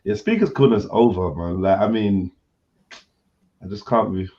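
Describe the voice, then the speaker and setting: A man's voice: on the low side, moderate pace, dark tone. A man hosting a casual online talk show, laid-back and slangy. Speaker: host. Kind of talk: casual chat. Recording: dull lo-fi audio.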